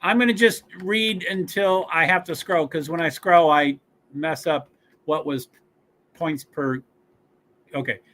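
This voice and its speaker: A man hosts an easygoing sports watch-along, reading team lineups and stats aloud amid frequent fillers, pauses and chatty tangents. His voice is a little high and fairly bright.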